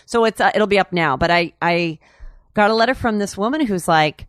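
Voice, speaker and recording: Her voice sits at a medium pitch, clear and resonant, moving fairly quickly over a dry, clean studio recording. She's being interviewed in a relaxed storytelling format, rambling and candid and full of "like" and "you know," laughing while she talks in a chatty, open way.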